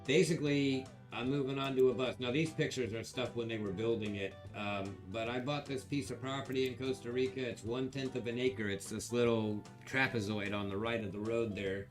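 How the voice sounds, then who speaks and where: A man of ordinary pitch hosts a livestream auction, talking loosely and chatting with his viewers. He rambles through stories in a relaxed, conversational way. Faint guitar music plays quietly behind him. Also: fairly quick, hardly any pauses. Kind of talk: casual livestream chat.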